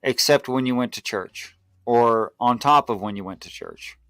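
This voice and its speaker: A man's voice: medium pitch, normal speed, fairly bright tone, no room sound. A man hosting a live stream, asking careful clarifying questions in casual conversation. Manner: probing, asks clarifying questions.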